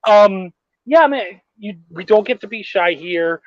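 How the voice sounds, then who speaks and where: A man's voice: sits high, lively intonation, unhurried, no echo, lo-fi sound. A man hosting a podcast, chatting casually over a video call, easygoing and swearing freely. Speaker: podcast host.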